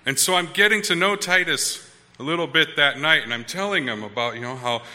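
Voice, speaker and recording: Bright-voiced pastor telling a story. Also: male voice, fairly high pitch, fairly quick, in a large hall. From Wisconsin, USA. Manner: conversational, checks in with listeners. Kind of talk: storytelling sermon.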